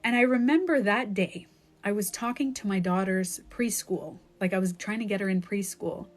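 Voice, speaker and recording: A woman's voice: mid-range voice, normal speed. A woman life coach talks into her phone during a live stream. She tells her story candidly and emotionally, peppering it with "like." Faint music plays behind her.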